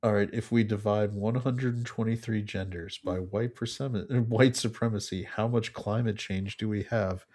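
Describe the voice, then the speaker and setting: Low, flat-voiced man reading memes aloud. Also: moderate pace, few pauses. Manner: laughs often while reading. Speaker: podcast co-host reading memes.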